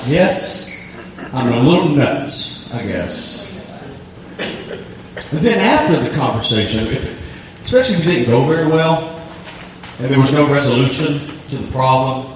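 A middle-aged male pastor preaching a storytelling sermon, animated and self-deprecating, acting out his own self-talk. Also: medium pitch, a little hiss or hum. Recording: echoey hall, mic far from speaker.

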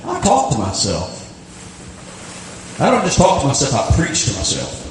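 A middle-aged male pastor preaching a storytelling sermon, animated and self-deprecating, acting out his own self-talk. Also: mid-range voice, normal speed, a little hiss or hum. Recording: echoey hall, mic far from speaker.

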